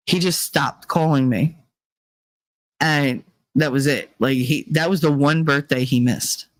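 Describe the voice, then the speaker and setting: A woman's voice: low voice, a little slow, no room sound. Middle-aged woman chatting on stream, swears a lot, blunt storyteller, dry close sound. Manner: candid, profane storytelling, acting out quoted people. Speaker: livestream host. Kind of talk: casual chat.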